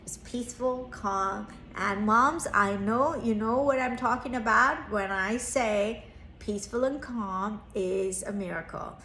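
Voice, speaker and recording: Speaking unhurriedly at a medium pitch, this thirties-aged therapist and parenting coach shares a personal story with earnest reflection. Her tone is sharp, the room sounds spacious, and there's a little hiss or hum. Quoted lines get acted out with a raised voice.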